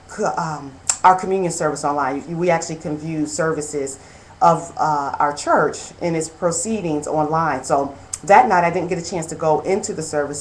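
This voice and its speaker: A woman in her thirties hosting a show, telling a personal story in an earnest, animated way, quoting herself as she goes. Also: deep voice, slight background noise, poor audio. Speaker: host. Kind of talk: personal testimony monologue.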